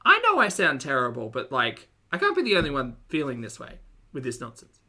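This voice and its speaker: A woman's voice: a bass voice, wildly swooping pitch, brisk, sharp tone, slightly rough. A woman streaming a reaction commentary, mocking and blunt with dry sarcastic asides to her chat.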